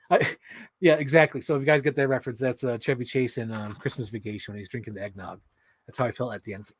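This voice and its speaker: A man chatting casually while building an action figure, rambling and excitable, swearing freely and acting out quotes. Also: mid-range voice, quick pace, slightly rough. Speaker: toy unboxing vlogger.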